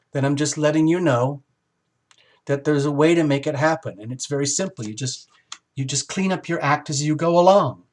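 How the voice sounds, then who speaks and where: A man giving a casual, rambling tarot reading, animated and exclamatory as he talks to his viewers. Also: fairly high pitch. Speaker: tarot reader.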